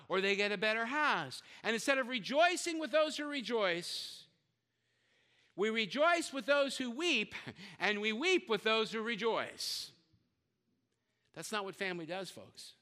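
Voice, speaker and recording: A man's voice: sits high, sharp tone, long reverb tail. An older man preaching a sermon as pastor, talking in a conversational way with joking asides and often repeating words as he searches for them.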